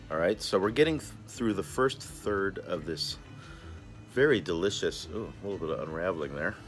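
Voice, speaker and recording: A man reviewing a cigar in a casual vlog, laid-back and chatty, who often calls himself by his own nickname in the third person. He is recorded outdoors in a backyard. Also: low voice.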